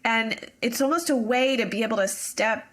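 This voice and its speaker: A woman's voice: a little high, normal speed. A woman hosting a podcast repeats each tapping phrase back. She then talks casually about the practice, with an easy, unpolished flow and everyday fillers. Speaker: podcast host. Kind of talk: casual interview chat.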